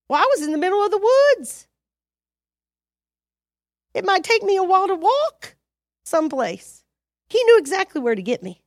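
A woman preaching a sermon, animated and exhorting, acting out her own prayers and conversations with sudden loud rises. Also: very high voice, moderate pace, long pauses, no room sound, clean studio sound.

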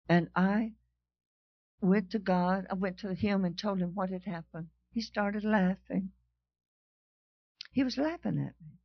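A woman's voice: lowish voice, creaky, no echo. A woman preaching a sermon, telling a story and reading scripture aloud with rising fervor. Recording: dull lo-fi sound.

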